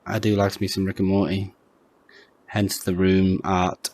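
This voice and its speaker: A man's voice: low-pitched, monotone, measured pace, darkish tone, no echo. A man co-hosting a casual podcast chat at home, hesitant and full of stammered restarts. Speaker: podcast co-host.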